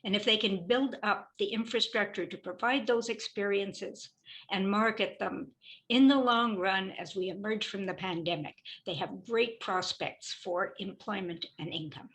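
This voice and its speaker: Older woman economist, measured explanations. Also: medium pitch, fairly bright tone, poor audio. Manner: measured, explanatory, occasional restarts. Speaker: economist guest. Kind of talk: interview answers.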